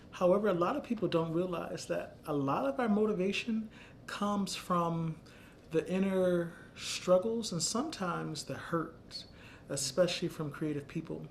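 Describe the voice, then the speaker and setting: A man in his thirties, founder of an arts center, telling a personal story in an earnest, reflective, measured way. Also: fairly high pitch, slight background noise.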